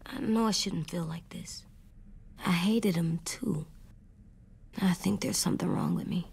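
A woman voicing a troubled, earnest young boy in a video game, speaking in a hushed, halting, childlike way, with game music behind. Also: on the low side, vocal fry, husky, full character voice. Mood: hushed worried.

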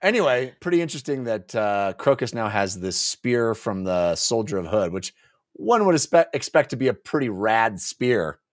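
A man's voice: on the low side, very animated, moderate pace, no echo, studio quality. A man co-hosting a casual book discussion podcast, rambling and playful, with many fillers. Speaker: podcast co-host.

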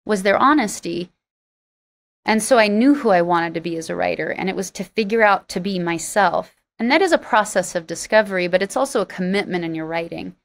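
Animated woman telling stories. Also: on the low side, a little fast, creaky. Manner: animated, laughs often, acts out dialogue. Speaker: singer-songwriter guest. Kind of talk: storytelling interview talk.

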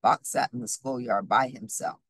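A woman reading a children's storybook aloud in a lively, expressive way, then speaking to her audience. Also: very deep voice, moderate pace, husky, dry recording, poor audio. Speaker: storybook reader.

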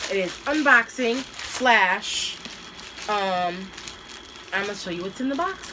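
A woman's voice: mid-range voice, animated, a little slow, noisy background. A woman vlogger chatting casually and hesitantly as she unboxes and taste-tests snacks, with many fillers. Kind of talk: casual taste-test vlog.

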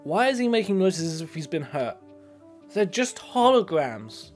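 A man's voice: fairly high pitch, sing-song, moderate pace, darkish tone. Male commentator, sarcastic and exasperated, with faint background music. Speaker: video commentator. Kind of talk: comedic commentary.

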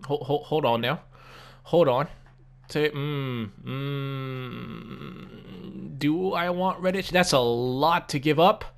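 A young man casually commenting on a sports game as he plays, animated, swearing often and repeating himself. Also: a little high, slow, gravelly, long pauses, clean tone. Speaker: gaming YouTuber.

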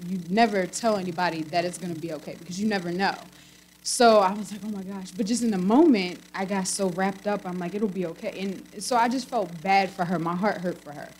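A young woman telling a church congregation a personal story in a chatty, animated way, with many fillers. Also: medium pitch, breathy edge, rough recording. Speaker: congregation member giving a testimony. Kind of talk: casual testimony.

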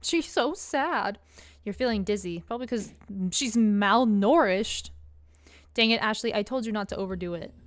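A woman's voice: mid-range voice, normal speed, dry recording, studio quality. A young woman casually commenting while playing a game, chatty and reading along. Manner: casual, chatty, reads game text aloud. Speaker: gaming channel host. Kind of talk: let's play commentary.

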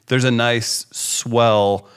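A man's voice: mid-range voice, steady tone, drawn-out words, clean tone. A man hosting a radio show, teasing and upbeat as he interviews a comedian. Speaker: radio host. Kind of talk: casual radio chat.

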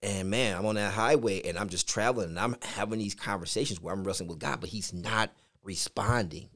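A middle-aged pastor co-hosting a casual faith podcast tells a personal story with animated energy, saying "man" in nearly every phrase. He speaks fairly quickly in a lowish voice.

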